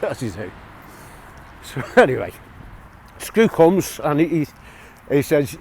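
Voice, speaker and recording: Out walking his dog, a middle-aged English vlogger rambles through a long personal prison story in casual, chatty fashion, full of restarts and chuckles. His mid-range voice is darkish and breathy, very animated but a little slow, with long pauses.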